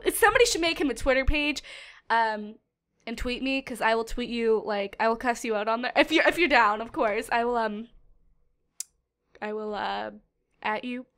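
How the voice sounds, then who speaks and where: A young woman giving casual, animated commentary on a video game she is playing, with dramatic outbursts. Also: a little high. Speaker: gaming YouTuber. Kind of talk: casual let's-play commentary.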